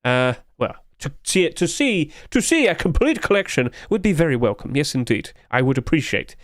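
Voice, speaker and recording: A man live-streaming in a casual, chatty way, joking and reading questions from chat. His voice sits a little higher than most men's. The sound is close and dry, with no room echo. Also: big pitch swings, a little fast. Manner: chatty, jokey, answers chat and laughs often.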